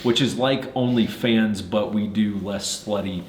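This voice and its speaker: Low-voiced joking male gear reviewer. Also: a little slow, reverberant, a little hiss or hum. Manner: joking, rambling with many fillers. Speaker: host of a firearms gear channel. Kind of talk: casual joking review chat. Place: shoot house on a cold night.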